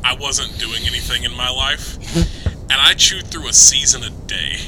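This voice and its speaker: A man making slow, dry remarks in a casual chat with friends. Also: mid-range voice, pushed and bright, a little hiss or hum, poor audio.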